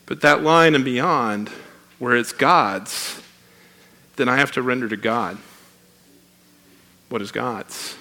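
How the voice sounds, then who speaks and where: A man's voice: medium pitch, slow, pauses often, bright, forceful tone. A man preaching a sermon in a conversational, emphatic way, reading scripture aloud.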